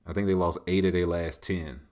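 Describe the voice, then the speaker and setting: Loose, rambling man with a low voice. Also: steady tone, brisk, darkish tone. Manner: loose, rambling, conversational, leaning on filler tags. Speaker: host. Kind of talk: casual solo Q&A chat.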